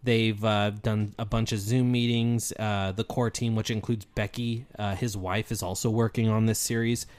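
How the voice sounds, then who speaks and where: A man's voice: fairly low pitch, flat delivery, normal speed, hardly any pauses, darkish tone. Guy cohosting a podcast, chatty, going over the news casually. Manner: chatty, summarizes entertainment news. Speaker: podcast co-host.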